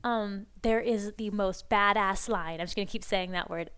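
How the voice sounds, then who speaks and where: A woman hosts a casual podcast, talking in a rambling, bubbly way full of fan enthusiasm. Her voice is smooth and clean, pitched in an ordinary middle range. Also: moderate pace, fairly bright tone. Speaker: podcast host.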